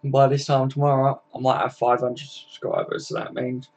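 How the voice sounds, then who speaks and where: A man's voice: medium pitch, level tone, normal speed, few pauses, a little mellow. A tired young man chatting casually and swearing freely as he wraps up a football live stream.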